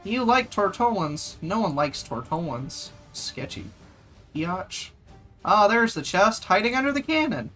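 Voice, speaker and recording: A man's voice: high-pitched, very animated, unhurried, bright, forceful tone, faint music behind. A man streaming a game, commenting in a casual, joking, chatty way and talking to his viewers.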